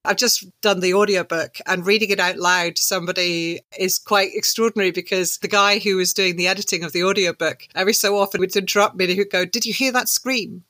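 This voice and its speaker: A woman, an author telling her story as an interview guest, animated and laughing through her anecdotes. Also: on the low side, fast talker, hardly any pauses, no room sound. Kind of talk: conversational storytelling.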